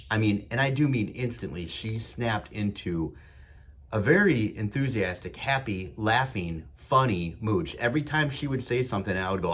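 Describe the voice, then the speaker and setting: Husky, lively-voiced man hosting a show. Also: mid-range voice. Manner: enthusiastic, repetitive, emphatic. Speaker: podcast host. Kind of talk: motivational monologue.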